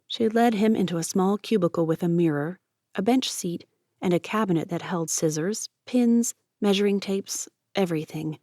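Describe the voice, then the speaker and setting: A woman reading an audiobook with steady, expressive narration. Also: medium pitch, moderate pace, no echo, studio quality.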